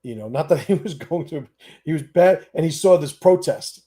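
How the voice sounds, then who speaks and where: A man's voice: a little high, lively intonation, moderate pace, dark tone. A middle-aged man hosting a livestream Q&A, talking bluntly and emphatically, often swearing and restarting his sentences. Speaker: host. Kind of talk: livestream Q&A monologue.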